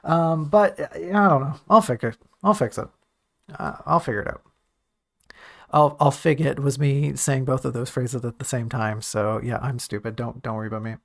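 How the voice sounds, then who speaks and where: Gravelly-voiced man thinking aloud. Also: medium pitch, steady tone, normal speed. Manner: thinking aloud, self-critical and joking. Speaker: writer reviewing his own draft on stream. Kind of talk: casual stream commentary.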